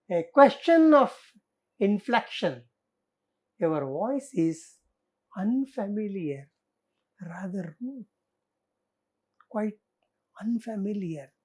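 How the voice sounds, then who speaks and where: A woman with an Indian English accent reading the part of a calm, witty man in his thirties who answers threats coolly. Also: mid-range voice. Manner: calm, unhurried, dry.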